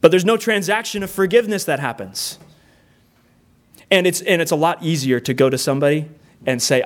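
A middle-aged man delivers a sermon in an earnest, plainspoken way. His voice sits a bit higher than most men's. He presses points with rhetorical questions. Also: a little fast. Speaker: pastor.

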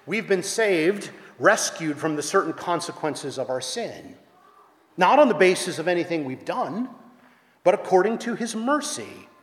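A man preaching a sermon, earnest, rising to loud emphasis and dropping to hushed tones. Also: sits high, expressive, a little slow. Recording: echoey hall with long reverb.

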